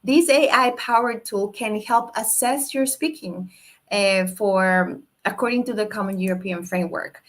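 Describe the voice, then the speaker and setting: A woman's voice: medium pitch, unhurried. A woman English teacher gives an online lecture, explaining step by step and tagging her points with "no?" and "right?". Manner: explanatory, tags questions with "no?" and "right?". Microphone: video call microphone.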